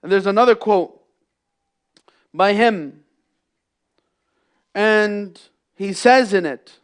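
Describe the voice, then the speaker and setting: High-voiced man preaching with passion. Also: slow, smooth. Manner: impassioned, swings between loud emphasis and hushed lows, mixes in Arabic phrases. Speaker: imam giving a Friday sermon. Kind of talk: sermon. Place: mosque prayer hall.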